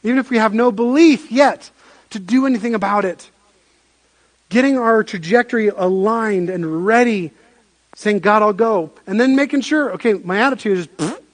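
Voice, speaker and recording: A man preaching a sermon as pastor, telling stories in an animated way with frequent restarts. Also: high voice, moderate pace.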